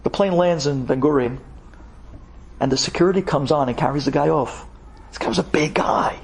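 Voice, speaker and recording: A man, a rabbi, telling a dramatic story in an animated, conversational and emphatic way. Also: on the high side, normal speed, vocal fry, husky.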